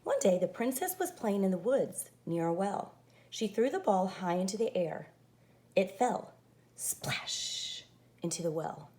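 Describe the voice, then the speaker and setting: A woman teacher reading a fairy-tale picture book aloud in an expressive way. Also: mid-range voice, normal speed, a little hiss or hum. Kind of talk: storybook read-aloud.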